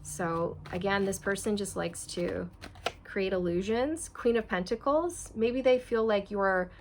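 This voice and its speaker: A woman with a gravelly, fry-edged voice gives a casual tarot reading to camera. She chats directly with her viewers and circles back over the same points. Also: mid-range voice, a little slow, background noise. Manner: chatty, repetitive, speaks straight to viewers. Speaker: tarot reader.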